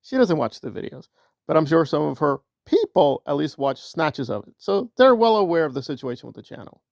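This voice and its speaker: Man, gravelly voice, fairly high pitch, dry close sound, combative sarcastic rant. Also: big pitch swings, brisk, darkish tone, no echo. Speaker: online commentator. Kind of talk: ranting commentary.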